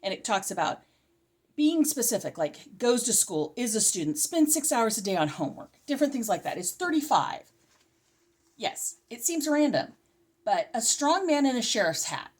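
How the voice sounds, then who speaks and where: Middle-aged mom reviewing homeschool books, kinda breathless, pitch bounces all over, voice on the high side. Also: female voice, moderate pace, breathy edge. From California. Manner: chatty, animated, self-interrupting. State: slightly out of breath. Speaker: homeschooling vlogger. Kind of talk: casual curriculum review.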